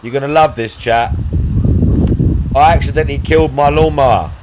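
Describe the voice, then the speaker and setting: A man's voice: medium pitch, background noise. Guy ranting on his stream, swears a lot, mocking, middle voice. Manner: crude, mocking and rapid-fire. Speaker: livestream host. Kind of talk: casual livestream commentary.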